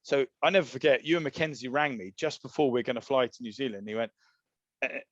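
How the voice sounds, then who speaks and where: A man's voice: mid-range voice, fast, dry recording, lo-fi sound. A man with an English accent, a podcast guest telling long, laddish stories in casual chat. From England. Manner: rambling, laddish, animated storyteller. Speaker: podcast guest, former rugby player.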